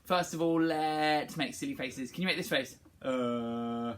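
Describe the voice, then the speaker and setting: Cheerful and encouraging, a female music teacher runs a singing assembly for little kids, calling out warm-ups that they repeat after her. She has a low-sitting voice and a normal pace.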